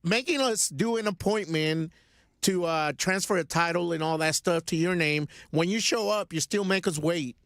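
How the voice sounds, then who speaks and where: A man's voice: on the high side, normal speed, a bit bright, no room sound. A man co-hosting a radio show, joking and ranting about his errands in casual banter. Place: radio studio.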